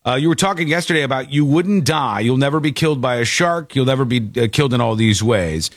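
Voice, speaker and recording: A man hosting a talk radio show, reading listener emails aloud in a joking, animated way. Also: mid-range voice, a little fast, few pauses, no echo, studio quality. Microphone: studio microphone.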